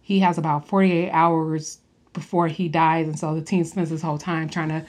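A woman's voice: low-pitched, level tone, normal speed. A young woman in casual chat, rambling through a film review with fillers and laughs. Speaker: podcast host reviewing a film.

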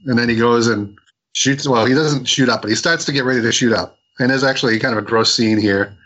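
A man's voice: medium pitch, fairly quick, pushed and bright, highs cut off. Rambling man retelling a comic. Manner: rambling retelling with many restarts. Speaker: podcast co-host. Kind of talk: casual comic book review chat.

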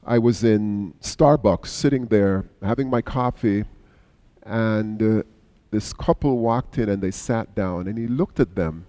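A middle-aged male pastor preaching a sermon, telling a story with sudden swings between hushed and raised passages. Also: medium pitch. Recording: long hall reverb.

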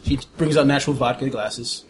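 A man's voice: medium pitch, brisk, a little hiss or hum. A man narrating as game master, explaining in a loose, filler-laden way.

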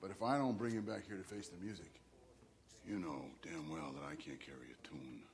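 An actor playing a scheming middle-aged crime boss in a video game cutscene, smooth and taunting with a threatening edge. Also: male voice, low-pitched, expressive, fairly quick, slight background noise. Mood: menacing. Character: scheming older male crime boss, menacing and sarcastic.

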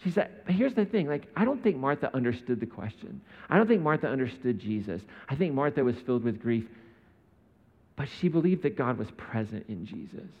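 A man's voice: mid-range voice, very animated, a little fast. A man preaching a sermon in a conversational way, often asking his listeners rhetorical questions. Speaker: pastor. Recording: dull sound in a reverberant hall.

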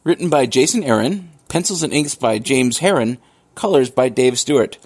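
A man's voice: medium pitch, expressive, moderate pace, slightly rough. A man co-hosting a casual comics podcast, joking, swearing and laughing often. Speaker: podcast co-host reviewing comics. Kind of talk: casual chat.

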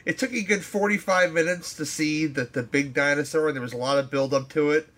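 A man's voice: on the high side, fairly quick, fairly bright tone. A man co-hosting a casual podcast, rambling and hesitant as he reviews a movie, with crude asides. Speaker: podcast co-host.

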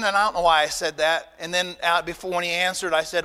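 High-voiced emphatic pastor in a hall. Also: male voice, steady tone, quick pace, hardly any pauses, clear, resonant tone. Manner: folksy, emphatic, shifts between loud bursts and quiet asides. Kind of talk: sermon.

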